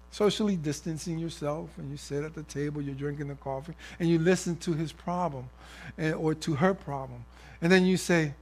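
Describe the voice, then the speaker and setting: A man's voice: on the high side, a little mellow. A man preaching a sermon, acting out everyday scenes in different voices.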